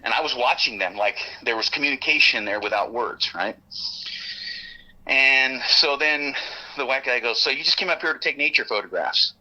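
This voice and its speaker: A man telling a story as a guest, lively and profane, laughing often and acting out what the others said. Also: medium pitch, moderate pace, low-quality recording. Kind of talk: animated storytelling.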